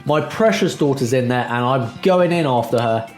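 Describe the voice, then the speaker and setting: A man voicing a loud, energetic, youthful middle-aged father who is boisterous and impatient, for a video game. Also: medium pitch, normal speed, roomy sound, soft background music, natural voice. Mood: excited.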